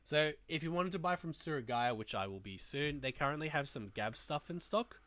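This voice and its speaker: A man's voice: on the high side, animated, a little fast, a bit bright. Rambling man hosting a toy livestream. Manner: rambling, talks to chat while browsing, mutters asides. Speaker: toy review livestream host. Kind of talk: casual livestream chat.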